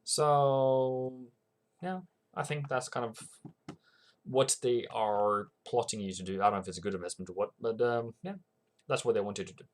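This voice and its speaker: A man with a mid-range voice hosts a forex trading channel livestream at a normal speed. He offers rambling, casual commentary on currency markets and reads out viewer comments along the way.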